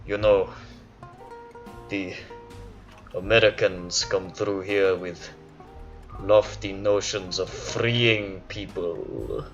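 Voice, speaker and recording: A man voicing a stern fascist police officer with a mock Russian accent, talking slowly and officiously. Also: low-pitched, steady tone, voice pushed down, exaggerated voice. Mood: disdainful. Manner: slow, officious, disdainful. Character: stern fascist Italian police officer, male, middle-aged. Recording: dull lo-fi, faint music.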